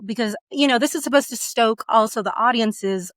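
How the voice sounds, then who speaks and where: Woman podcaster telling a story all dramatic, slightly high voice, dry close mic. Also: normal speed, hardly any pauses, no room sound. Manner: lively storytelling that acts out the scenes. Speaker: podcast co-host. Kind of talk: casual book discussion.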